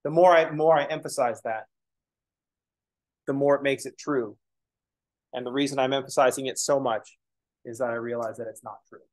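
A man's voice: medium pitch, fairly even intonation, normal speed, pauses often, a little mellow. A man teaching a math lesson in a casual lecture style, explaining as he writes and slipping in joking, self-deprecating asides. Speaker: math instructor.

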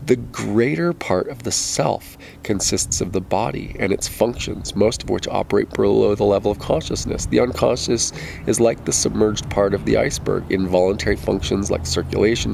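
A man reading a nonfiction book aloud in a measured, deliberate way, stopping now and then to correct himself. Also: lowish voice, gravelly, background noise. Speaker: audiobook reader.

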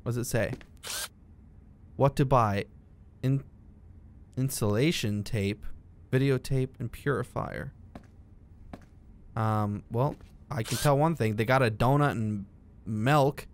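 A man's voice: mid-range voice, slow pace, pauses often, a little hiss or hum. A young man giving jokey let's-play commentary, talking to himself and yelping at the game. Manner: jokey, talks to himself, bursts into yelps and shouts at the game. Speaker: gaming video creator.

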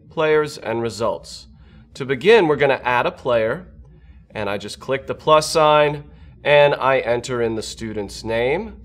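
A man who is a speech-language pathologist gives a scripted product walkthrough, explaining each step in a steady, instructional way. His voice sits at an ordinary middle pitch.

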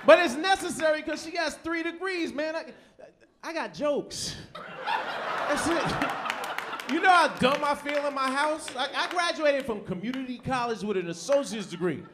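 A man in his forties from the United States doing an animated stand-up set on a comedy club stage. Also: very high-pitched, normal speed, background noise. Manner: animated storytelling, slips into voices. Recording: live club with audience laughter.

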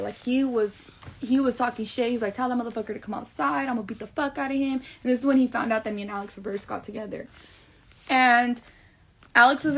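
Profane, rambling young woman. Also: on the high side. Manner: rambling, profane, emotional retelling. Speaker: livestreamer. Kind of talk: casual storytelling live stream.

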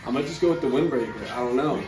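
A man's voice: mid-range voice, racing, a little mellow, soft background music, low-quality recording. A young man co-hosting a casual road-trip vlog, talking in a loose, hesitant and exclamatory way. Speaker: podcast co-host.

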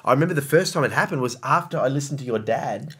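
A man hosting a podcast in casual chat, telling stories in an animated way with quick restarts. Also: medium pitch, slightly rough. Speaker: podcast host.

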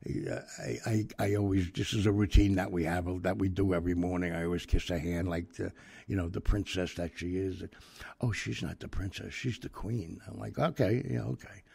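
An older man casually telling an anecdote in a rambling way, acting out the dialogue with lively voices. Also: deep voice, fairly quick, creaky, breathy edge, no echo. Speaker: storyteller.

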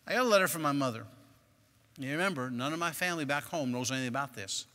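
A man preaching a sermon as a personal story, moving between quiet recollection and loud, emphatic bursts. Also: medium pitch, expressive, fast talker, big-room sound. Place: church sanctuary.

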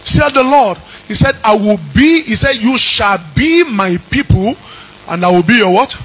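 High-voiced chanting pastor. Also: male voice, animated, normal speed, slight background noise, poor audio. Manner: chanting, rising into shouts. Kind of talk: sermon.

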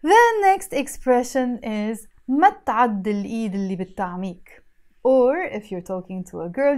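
A woman with a Lebanese accent teaching a spoken language lesson, saying each phrase, then repeating it slowly and breaking it down word by word. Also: medium pitch, expressive, a little mellow.

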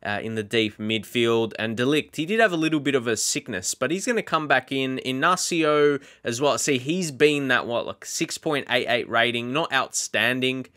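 A young man talks through his own football management game in relaxed, rambling fashion, full of fillers and restarts. His voice has a bright, forceful edge, and it lifts sharply when something exciting happens. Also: mid-range voice, moderate pace, few pauses. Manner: chatty, filler-heavy, excitable at goals. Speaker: gaming YouTuber. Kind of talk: casual Let's Play commentary.

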